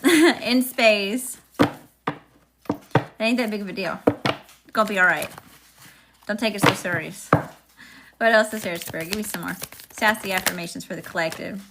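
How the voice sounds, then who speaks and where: A woman's voice: medium pitch, sharp tone, a little hiss or hum. A woman, chatting sassily with viewers while giving a casual live-stream tarot reading. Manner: sassy, chatty, talks to viewers. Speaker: tarot reader.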